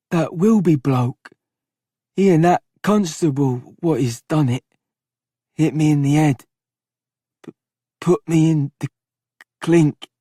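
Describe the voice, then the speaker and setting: A man voicing a frail, badly beaten young man who speaks weakly and haltingly in an audiobook. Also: fairly high pitch, dark tone, breathy edge, no echo, studio quality, voice pushed up. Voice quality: weak, halting, stammering. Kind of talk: audiobook character voice.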